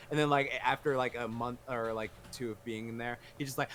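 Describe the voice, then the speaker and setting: A man's voice: medium pitch, level tone, normal speed, a bit bright. A man on a casual livestream chat, retelling a movie scene by scene in a rambling way, packed with "like" fillers. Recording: faint background noise.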